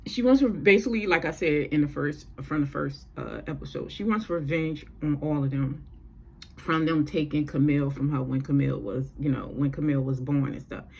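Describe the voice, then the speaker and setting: A woman's voice: deep voice, brisk, creaky, a little mellow, husky. A woman giving a casual, chatty TV episode recap, with profane, sassy asides. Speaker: TV recap vlogger.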